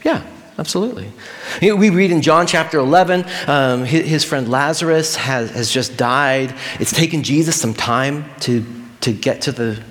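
A man preaching a sermon in an animated way, repeating key phrases and speaking directly to the congregation. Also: mid-range voice, normal speed, big-room sound. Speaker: pastor.

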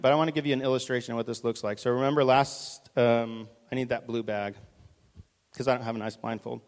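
Man preaching in a reverberant church hall. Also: medium pitch. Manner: conversational, urgent, directs volunteers on stage. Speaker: pastor. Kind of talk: live sermon with stage illustration.

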